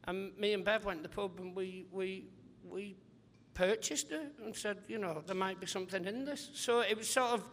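A male comedian guest on a live podcast interview, telling rambling, animated anecdotes and acting out other people's voices. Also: high voice, normal speed, few pauses, long reverb tail, a little hiss or hum.

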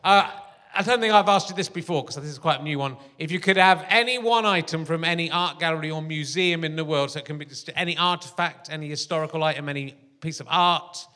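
A man's voice: fairly high pitch, quick pace, bright, forceful tone. A man hosting a live comedy podcast on a theatre stage, rambling and self-deprecating, laughing often. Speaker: podcast host.

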